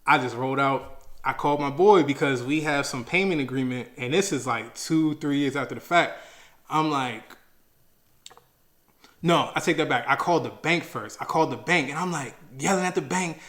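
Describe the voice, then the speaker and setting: A young man from Maryland tells his own story in loose, slangy speech. He acts out his past arguments, jumping up in pitch and loudness when he gets worked up. At the heavy parts he drops low and quiet. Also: moderate pace. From Maryland, USA. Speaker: storyteller sharing a personal finance story. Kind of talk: casual storytelling.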